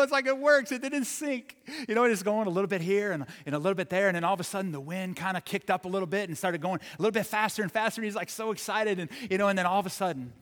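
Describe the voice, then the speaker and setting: Man, storyteller, halting delivery, slightly high pitch, long hall reverb. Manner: halting, repeats words, swings from excited to hushed. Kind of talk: told story.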